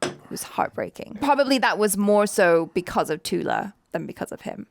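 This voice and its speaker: A woman's voice: mid-range voice, animated, normal speed, creaky, background noise. A woman co-hosting a reaction channel, chatting casually in an earnest, thoughtful way. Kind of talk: casual chat.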